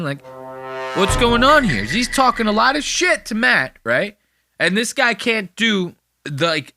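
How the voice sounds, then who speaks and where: A male podcast host riffing crudely over video clips, mocking and profane. His voice is bright and forceful with a lively, swooping pitch. The sound is dry and close to the mic. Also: no room sound. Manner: mocking, crude, bursts into high-pitched impressions. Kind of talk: casual profane commentary on clips.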